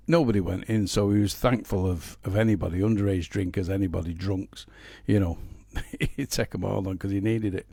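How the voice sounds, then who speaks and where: A man's voice: lowish voice, vocal fry, mellow, dry recording. A middle-aged man from the Manchester area of England, chatting casually between songs on a live home stream, rambling with blunt humor and lots of fillers. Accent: Northern English, Manchester area. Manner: rambling storyteller, many fillers and restarts, blunt. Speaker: singer-songwriter streaming live.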